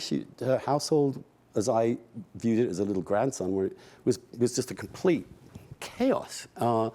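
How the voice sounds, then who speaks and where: Gravelly-voiced Englishman telling stories. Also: medium pitch. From England. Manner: wry and unhurried, with soft laughs and many restarts. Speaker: guest speaker at a public conversation. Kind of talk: reflective personal storytelling.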